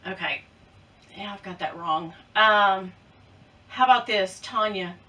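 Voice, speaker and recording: A woman vlogger chatting casually to camera about luxury bags, playful and quick to giggle. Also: medium pitch, pushed and bright, recorded from a distance, highs cut off.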